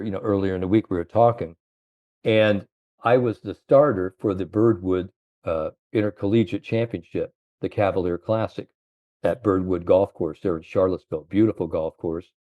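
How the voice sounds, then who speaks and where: A man with a lowish voice tells a story at easy length, circling back and padding his sentences with "you know". The sound is dull and lo-fi. He talks like a former golf coach chatting on a podcast. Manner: rambling, heavy use of "you know".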